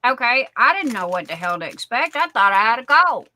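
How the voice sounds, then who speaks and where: A woman's voice: on the high side, very animated, a little fast, pushed and bright, low-quality recording. A woman in casual chat telling a personal story, blunt and salty, rambling with many fillers and restarts.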